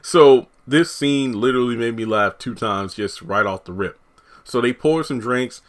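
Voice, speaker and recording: A man giving a casual, animated review of a TV episode, often laughing and acting out the characters' lines. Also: mid-range voice, moderate pace. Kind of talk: casual spoken commentary.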